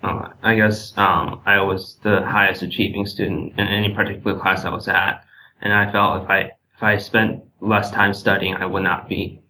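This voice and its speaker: Hesitant male caller with a flat, bright voice. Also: fairly low pitch, normal speed, low-quality recording. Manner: hesitant, short answers with fillers. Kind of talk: call-in show conversation.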